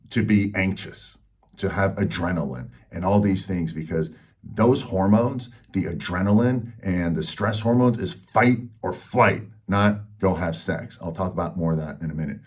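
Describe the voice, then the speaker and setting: Man, very low voice, candid, casual storytelling, rambling with fillers. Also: darkish tone. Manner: frank, rambling, full of fillers. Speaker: health channel host.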